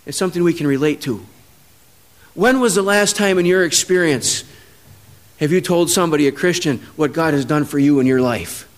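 High-voiced man preaching a storytelling sermon. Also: normal speed. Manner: storytelling, swings from low and quiet to loud emphatic peaks.

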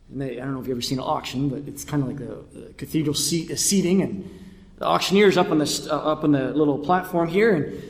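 A man preaching a sermon with dramatic swings between hushed whispers and loud cries. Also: mid-range voice. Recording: echoey hall.

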